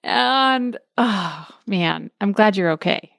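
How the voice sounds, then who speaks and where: A woman's voice: medium pitch, animated, slow, creaky, fairly bright tone, no room sound, clean studio sound. A woman podcast host chatting casually, enthusiastic and effusive. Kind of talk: casual chat.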